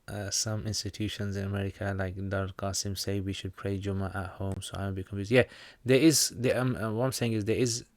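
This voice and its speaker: A man's voice: lowish voice, no room sound. A British man hosting a casual livestream Q&A. He answers viewers' questions on Islamic practice in a chatty, informal way and reads each question aloud before he answers.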